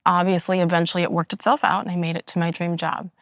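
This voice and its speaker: Low-voiced woman hosting an interview. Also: flat delivery, quick pace, no echo, clean studio sound. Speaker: host. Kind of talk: conversational interview.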